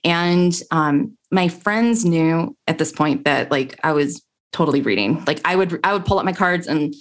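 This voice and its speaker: A woman with a fairly low voice tells stories in a relaxed, chatty way. She is animated and laughs often, jumping up in pitch when she acts out what her friends said. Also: normal speed. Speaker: podcast guest, tarot reader and tech coach. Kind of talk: casual storytelling interview.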